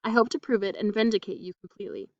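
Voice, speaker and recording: Woman doing a formal male lawyer, measured, reassuring, dry sound. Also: mid-range voice, dry recording, lo-fi sound, lightly acted. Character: middle-aged male lawyer, cautious and formal.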